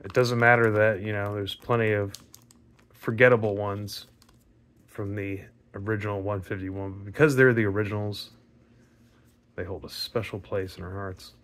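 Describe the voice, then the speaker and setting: A man with a raspy voice, chatting casually and rambling with fillers and mild swearing while opening trading card packs. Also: fairly low pitch, little pitch movement, moderate pace, fairly bright tone. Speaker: card pack opening vlogger. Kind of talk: casual pack opening commentary.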